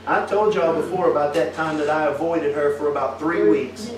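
A man's slightly high voice holds a steady tone at normal speed as he preaches a folksy sermon, asking the congregation many tag questions. A little hiss or hum marks the distant recording of an echoey room.

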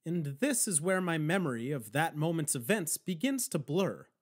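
A man's voice: a little high, sing-song, moderate pace. A man narrating a first-person audiobook with wry, dry storytelling.

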